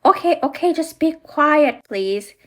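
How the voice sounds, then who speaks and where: A woman's voice: high-pitched, lively intonation, measured pace, a bit bright, voice pushed up. A woman voicing a busy, grumpy little crab in toy play, talking brusquely and impatiently.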